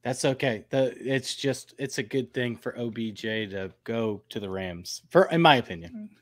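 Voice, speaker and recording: A man from the northern United States co-hosting a live podcast, relaxed and easygoing in casual banter. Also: mid-range voice, moderate pace. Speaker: podcast co-host. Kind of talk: casual live-stream chat.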